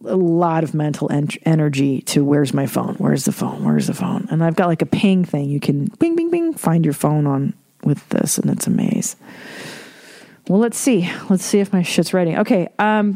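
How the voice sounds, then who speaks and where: Woman, middle-aged, podcast host, low voice, rambling, profane, blunt, dry close sound. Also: warm tone, no room sound. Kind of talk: casual solo podcast talk.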